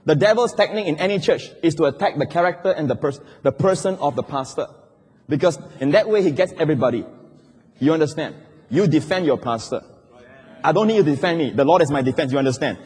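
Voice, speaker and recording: Male pastor, sermon, high lively voice, husky tone, long hall echo. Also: quick pace. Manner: animated preaching that swings from loud cries to low asides.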